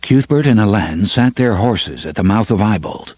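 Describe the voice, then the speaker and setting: A man narrating an audiobook with an expressive, varied delivery. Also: on the low side, moderate pace, breathy edge, no echo.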